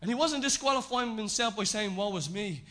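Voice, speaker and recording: High, bright-voiced male preacher. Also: animated, a little fast. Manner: swings between raised emphatic lines and hushed, low repetitions. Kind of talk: sermon.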